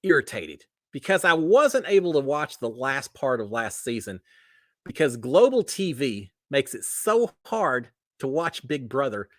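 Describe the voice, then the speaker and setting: Chatty man with a lively voice. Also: mid-range voice, unhurried, no room sound. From United States. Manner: chatty and rambling, many fillers and restarts. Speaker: live stream host. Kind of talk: casual chat reading viewer comments.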